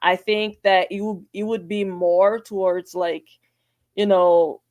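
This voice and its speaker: A woman's voice: mid-range voice, fairly even intonation, slow pace, darkish tone, dry recording. A woman co-hosting a casual sports podcast, speaking in a hesitant, thoughtful way with many fillers. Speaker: podcast co-host.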